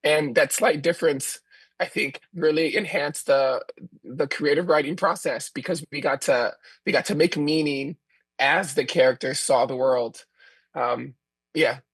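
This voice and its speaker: Male director, husky, tired voice, somewhat high, dry sound. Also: measured pace, no echo. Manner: relaxed, thoughtful, with fillers. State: losing his voice. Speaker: film director. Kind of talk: Q&A answers over video link. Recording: remote video call audio.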